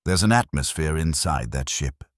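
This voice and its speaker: A man's voice: extremely low pitch, expressive, moderate pace, no echo, studio quality. A man voicing a young, frightened navy lieutenant who reports sonar readings in a tense, urgent way. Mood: uneasy.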